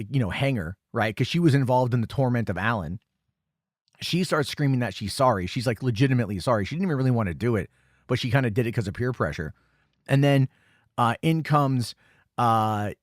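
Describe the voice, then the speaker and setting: Male podcast host, mid-pitched, dry close sound, meandering recap full of "like" and "uh". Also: no echo. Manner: rambling, self-correcting, lots of fillers. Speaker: podcast host reviewing a film. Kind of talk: casual film recap commentary.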